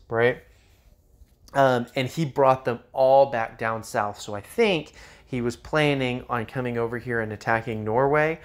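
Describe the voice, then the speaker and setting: Man casually talking through a strategy game. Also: mid-range voice. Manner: casual, many ums and uhs. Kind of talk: gameplay commentary.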